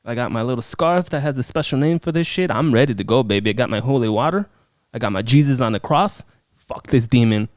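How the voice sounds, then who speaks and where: A man's voice: mid-range voice, brisk, dry recording, clean studio sound, lightly acted. A man voicing a boastful male priest, eager to fight demons, who talks in a brash and profane way. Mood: pumped up.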